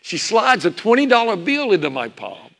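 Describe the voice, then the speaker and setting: A man's voice: high voice, very animated, moderate pace, vocal fry, fairly bright tone. A preacher telling a sermon story, reminiscing about his parents. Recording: long hall reverb.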